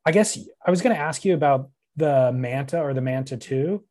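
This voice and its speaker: A man hosting an interview, asking long, relaxed, rambling questions. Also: medium pitch, brisk.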